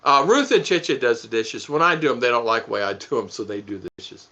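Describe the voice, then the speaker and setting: A man's voice: medium pitch, lively intonation, quick pace, pushed and bright. A middle-aged man hosting a casual live stream, chuckling and rambling as he reads comments and thanks viewers by name. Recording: dull lo-fi stream audio.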